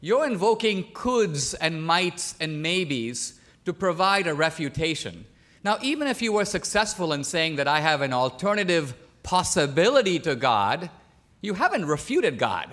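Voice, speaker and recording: A man from India arguing a point in a formal debate, measured and pointed, pressing his opponent with questions. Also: on the high side, big pitch swings, fairly bright tone. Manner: measured, pointed, cross-examining. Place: debate stage in a large hall.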